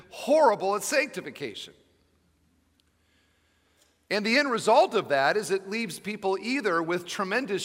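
A man's voice: high voice, sharp tone, in a large hall. A male pastor preaching a sermon, telling a story with emphatic, humorous asides to his congregation. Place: church sanctuary with live audience.

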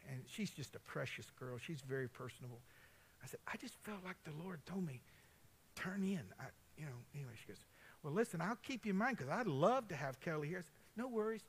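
A high-pitched man, a pastor, delivers a folksy, conversational storytelling sermon packed with personal stories, speaking straight to his congregation.

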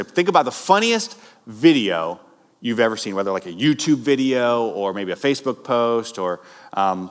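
A male pastor preaching a sermon, conversational, with rising emphatic bursts. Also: on the low side. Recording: long hall reverb.

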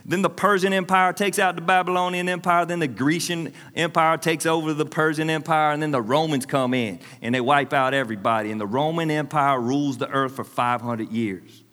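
A man's voice: a little high, fairly quick, few pauses, big-room sound. A man in his forties preaching a sermon, telling stories with humor and laughing often. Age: 40s. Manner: animated, storytelling with humor and laughs. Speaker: pastor. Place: church hall with congregation.

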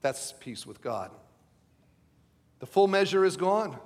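A man's voice: high-pitched, very animated, slow pace. A middle-aged male pastor preaching a sermon, emphatic and driving his point home with repeated rhetorical questions. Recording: long hall reverb.

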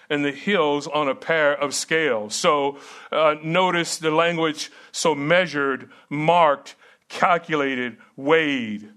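A man's voice: a little high, a bit bright. Earnest man preaching a sermon. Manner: earnest, emphatic, quick asides, rhetorical questions. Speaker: preacher and seminary teacher.

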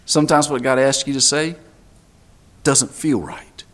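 A man preaching a sermon as pastor, emphatic, repeating phrases for stress. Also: medium pitch.

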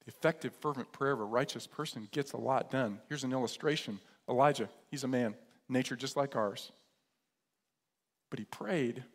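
A pastor preaching a sermon, retelling scripture as a lively story in casual modern terms. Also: male voice, medium pitch, normal speed, long reverb tail.

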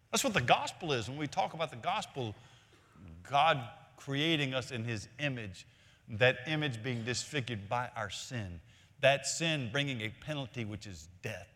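A man preaching a sermon as senior pastor, emphatic, repeating key phrases and climbing higher to stress his points. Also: expressive, moderate pace, fairly bright tone. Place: large church sanctuary. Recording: long hall reverb from a church.

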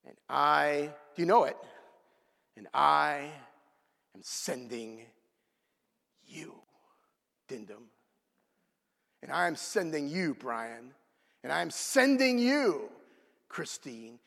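A male preacher with a fairly high voice and a lively pitch that keeps rising and falling. He swings from ringing outbursts to hushed asides. A long reverb trails behind him, as in a large hall. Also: takes it slowly, vocal fry, long pauses. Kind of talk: sermon.

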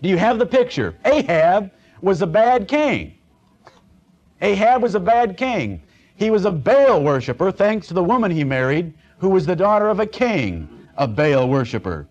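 A man preaches through a Bible passage as expository teaching, alternating plain scripture reading with sarcastic, chatty asides. His high-sitting voice is sing-song and darkish, moving at a moderate pace, and the lo-fi recording sounds dull.

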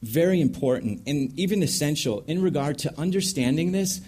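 Leading a panel talk on counseling, a man teaches from scripture in a lively manner, acting out scenes complete with sound effects. His voice is a little high and husky, and he talks a little fast.

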